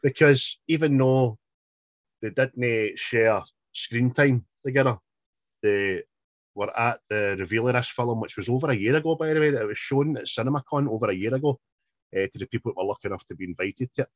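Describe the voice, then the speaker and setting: A man's voice: mid-range voice, a little fast, no echo, lo-fi sound. A man co-hosting a casual film review podcast, laughing often and quoting lines in put-on voices. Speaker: podcast co-host.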